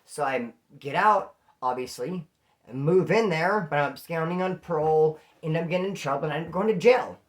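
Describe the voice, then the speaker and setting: A man from California telling stories in a casual, animated way, acting out the voices of the people in them. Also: a little high, moderate pace. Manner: animated, acts out quoted voices. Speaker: storyteller host. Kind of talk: casual storytelling.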